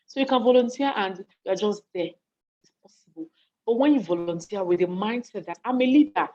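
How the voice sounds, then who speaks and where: In a live online talk to an audience in a chat, a Nigerian woman who speaks on leadership and volunteering addresses listeners from her home study, lively and conversational, acting out what people say and often asking if they're following. Her voice is medium in pitch and she's hungry and yawning. The video call sound is dull and lo-fi.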